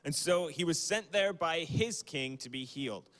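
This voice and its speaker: The youth speaker is a young man whose slightly high, somewhat bright voice sounds expressive at a moderate pace. Preaching a casual youth sermon over a livestream, he uses fillers and offers small apologies, all under a long hall reverb.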